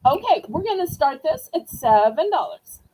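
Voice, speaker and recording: Chatty high-voiced Southern auction host. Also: female voice, very animated, moderate pace, noisy background. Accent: Southern American. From Southern United States. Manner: chatty, bubbly, talks to her viewers. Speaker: online auction seller. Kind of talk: live-stream auction chat.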